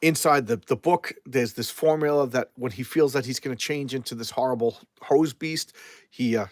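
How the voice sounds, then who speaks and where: A man's voice: medium pitch, normal speed, no echo, clean studio sound. A man reviewing comic books in a casual live chat, rambling and often repeating and restarting his words.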